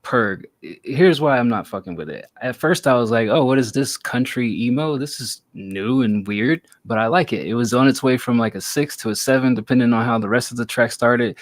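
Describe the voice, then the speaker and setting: A man's voice: medium pitch, a little fast, few pauses, no room sound. Blunt man hosting a music review stream. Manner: blunt, offhand. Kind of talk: casual live-stream chat.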